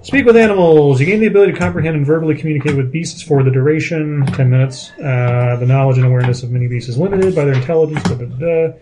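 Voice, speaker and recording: A man's voice: a little high, dark tone. A man playing a tabletop game, rambling and reading rules aloud. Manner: rambling, reads spell text aloud quickly. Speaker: player. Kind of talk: casual tabletop play. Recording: echoey room with clear hiss.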